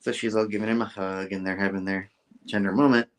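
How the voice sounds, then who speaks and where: A man's voice: lowish voice, level tone, quick pace. A man hosting a comic book review show, recapping casually and rambling, with restarts and laughs.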